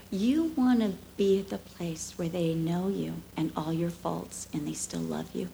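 A woman in her fifties giving a conversational sermon at church, telling emotional stories with lively swings from hushed to animated. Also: fairly low pitch, a little slow, vocal fry, slight background noise, poor audio. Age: 50s. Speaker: speaker at a church.

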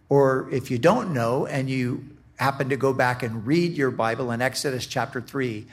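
A man preaching a sermon as a pastor, teaching in a slow, deliberate way and often restarting his phrases. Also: medium pitch.

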